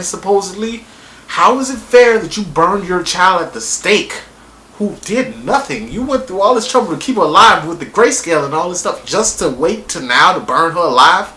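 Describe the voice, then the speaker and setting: Excitable, rambling male reviewer with a lively, up-and-down delivery, recorded in an echoey room. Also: on the high side, moderate pace. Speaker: TV show reviewer. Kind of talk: casual spoken review.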